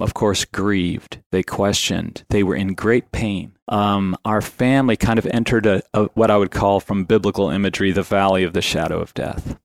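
A man in his fifties, a podcast guest, telling his life story in an earnest, reflective way and often clearing his throat. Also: lowish voice, no room sound, studio quality.

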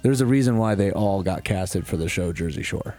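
A young man from New York co-hosting a podcast, telling stories in a loose, profane, animated way. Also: low voice, brisk. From Bedford, New York. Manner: profane, animated storytelling with impressions and laughs. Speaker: podcast co-host. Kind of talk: casual podcast chat.

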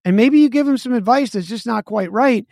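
A man's voice: extremely high pitch, brisk, vocal fry, dry recording, studio quality. A man co-hosting a business podcast, telling stories animatedly and acting out both sides of conversations. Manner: animated storyteller, acts out both sides of dialogue. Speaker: podcast co-host.

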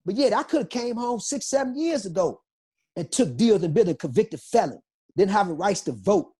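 Husky-voiced man, emphatic and insistent. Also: high voice, lively intonation, normal speed, dark tone. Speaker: interview guest. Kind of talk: emotional interview testimony.

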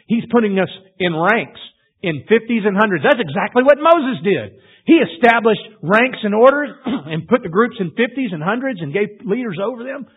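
A man preaching a sermon, retelling scripture in a storytelling way and building to loud emphasis. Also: sits high, animated, normal speed, breathy edge. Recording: tinny phone-like audio.

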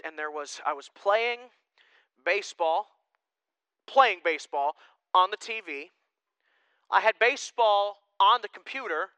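Lively, bright-voiced male pastor preaching. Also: high voice, clean tone, dry recording, poor audio. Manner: animated, swings from loud to hushed. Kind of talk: sermon.

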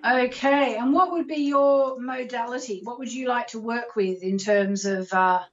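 A woman's voice: on the high side, fairly even intonation, measured pace, dull audio. A woman hosting a call-in astrology show, coaching callers through affirmations in an encouraging way.

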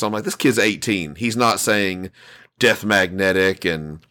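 A man's voice: sits low, moderate pace, sharp tone. A man hosting a podcast, telling stories in a loose, rambling way full of restarts and fillers. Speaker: podcast host. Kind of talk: casual chat.

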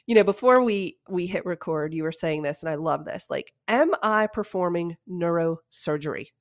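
A woman in her forties hosting a podcast, giving casual advice with lively stories and frequent laughs. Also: lowish voice, normal speed. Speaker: podcast host.

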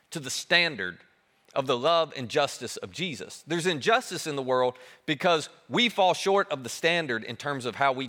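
A man preaching a sermon as pastor, animated and emphatic, dropping to a soft hush on key words. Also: a little high, in a large hall.

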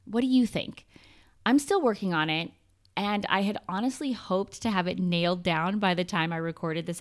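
A woman hosting her own podcast, talking through a personal monologue in an earnest, conversational way and often ticking through lists. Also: medium pitch. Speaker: podcast host. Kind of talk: scripted solo podcast monologue.

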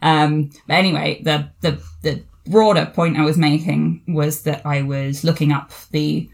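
Podcast host lady, a bit gravelly, rambly and laughing as she talks about a book. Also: low voice, fairly even intonation, a little slow, darkish tone. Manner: chatty, laughing, digressive. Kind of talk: casual book discussion.

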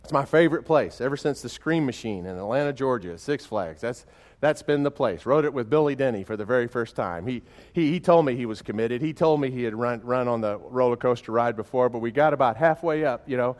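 A pastor preaches a sermon in a folksy, conversational way, often restarting his words. His storytelling swings animatedly from quiet and slow to loud and excited. He has a mid-range voice.

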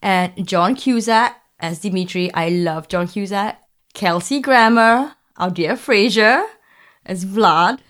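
A woman's voice: mid-range voice, takes it slowly, fairly bright tone. A woman co-hosting a podcast in casual chat, talking freely with restarts, fillers and laughter. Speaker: podcast co-host.

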